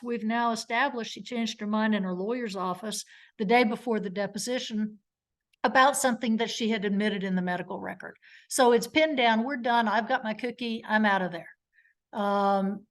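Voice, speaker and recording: A middle-aged woman lawyer lectures in a live webinar at a mid pitch. She tells stories and slips into the voices of witnesses and lawyers to act out courtroom exchanges. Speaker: trial lawyer giving a legal education talk.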